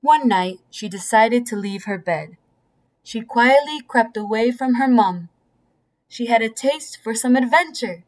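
Slow gentle woman reading a bedtime story. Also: a little high, animated. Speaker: storybook reader. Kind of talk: bedtime story read aloud.

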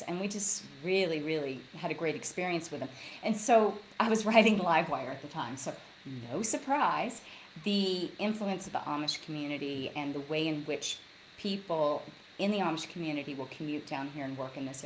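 A woman with a somewhat low voice tells stories with energy, slipping into the voices of the people she quotes. She speaks from a log cabin lodge over a video call. A faint hiss sits under her voice. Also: normal speed, rough recording. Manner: animated storyteller, acts out quotes. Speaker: author guest. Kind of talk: casual interview chat.

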